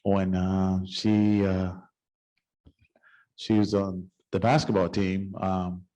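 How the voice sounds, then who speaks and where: Deep-voiced folksy middle-aged man. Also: flat delivery, takes it slowly, warm tone. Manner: folksy, informal. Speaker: city council member. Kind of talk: anecdotal storytelling at a public meeting. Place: city council chamber.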